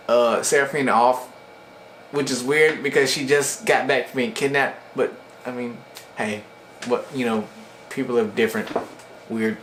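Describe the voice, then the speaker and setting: A man casually recapping webcomic chapters for his channel, retelling scenes with slangy asides and quick voiced-out lines for the characters. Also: medium pitch, a bit bright, roomy sound, a little hiss or hum. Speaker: webcomic reviewer.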